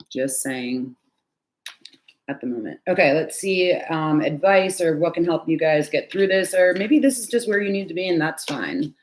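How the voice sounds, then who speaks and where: Casual tarot reader, woman, lowish voice, candid and chatty, speaking at home. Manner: chatty and candid, swears and sighs. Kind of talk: casual live tarot reading.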